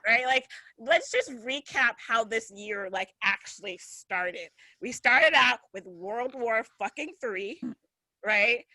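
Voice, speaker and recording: A woman's voice: fairly high pitch, animated, slow, pushed and bright, no echo, low-quality recording. A woman performing a profane stand-up comedy set, often laughing at her own jokes.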